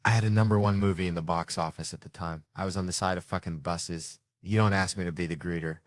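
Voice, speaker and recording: Man, stand-up comedian, animated ranting, profane, lowish voice, dry close mic. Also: fast, dry recording. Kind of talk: stand-up storytelling.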